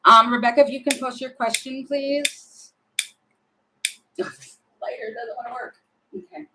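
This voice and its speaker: A woman's voice: high voice, fairly even intonation, normal speed, heavy background noise. A woman giving tarot readings on a live stream, chatty and apologetic, thinking aloud as she goes. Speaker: tarot reader.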